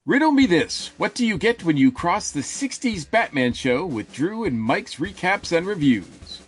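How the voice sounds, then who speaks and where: A man's voice: high-pitched, sing-song, unhurried, faint music behind. A man voicing a taunting riddle-posing villain in a campy promo skit, delivered in a teasing, theatrical way.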